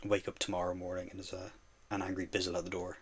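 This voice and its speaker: Playful low-voiced male streamer. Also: completely flat delivery, fast, breathy edge. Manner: playful, teasing, chatting to viewers. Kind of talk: casual chat while painting miniatures.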